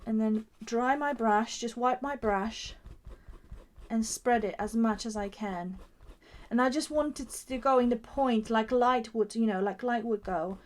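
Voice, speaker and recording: A woman with a slightly high voice walks viewers through a craft technique step by step, thinking aloud as she goes. She keeps admiring each result, warmly enthusiastic and chatty. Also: a little slow. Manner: gushing, admiring her own work. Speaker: craft shop founder and demonstrator. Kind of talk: live craft demonstration.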